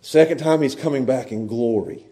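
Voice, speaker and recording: A man preaching a sermon as pastor, animated, swinging from hushed lines to loud ones and chuckling between points. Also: mid-range voice, normal speed.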